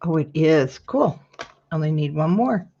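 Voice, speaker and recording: A woman's voice: low voice, expressive, unhurried, dark tone, muffled recording. A woman hosting a casual craft tutorial, talking viewers through measuring and cutting while greeting them by name. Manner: chatty, greets viewers by name mid-task.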